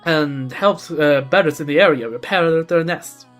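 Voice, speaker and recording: A man's voice: a little high, unhurried, fairly bright tone, soft background music. A man voicing a humble, earnest village carpenter in a video game, in a put-on Central European accent and stumbling now and then as he reads. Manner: reading dialogue aloud with stumbles and restarts.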